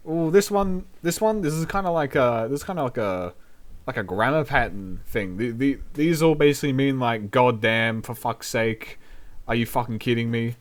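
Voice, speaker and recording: A man's voice: medium pitch, normal speed. Laid-back New man swearing casually. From New Zealand. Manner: laid-back, profane, laughs often. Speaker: VTuber host. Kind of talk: casual language lesson.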